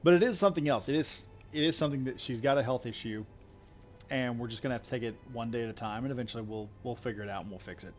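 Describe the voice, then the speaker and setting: A man's voice: mid-range voice, rapid-fire, highs cut off. A man chatting loosely to viewers while he live streams a game, rambling and repeating himself. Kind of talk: casual live stream chat while gaming.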